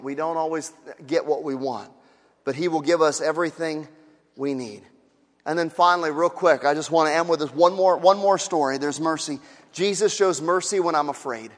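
A male pastor delivers a sermon in a high, bright register, mixing casual asides with emphatic points. His words ring out with a long reverb from a large sanctuary. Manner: conversational, emphatic preaching with rhetorical asides.

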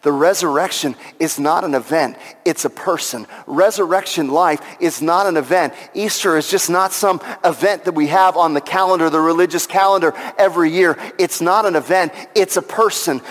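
A man's voice: on the high side, normal speed, few pauses, a bit bright, in a large hall. A male pastor preaching an Easter sermon with passion, repeating key lines for emphasis.

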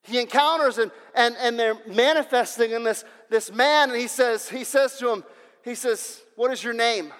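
A pastor preaching a sermon, emphatic and repetitive, swinging between loud passages and hushed ones. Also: male voice, extremely high pitch, moderate pace, clean tone, long reverb tail.

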